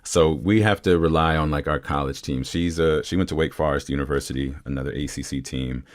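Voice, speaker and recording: A man's voice: a bass voice, steady tone, brisk. A man talking as a guest voice actor in a casual podcast interview, chatty and self-deprecating, with many fillers.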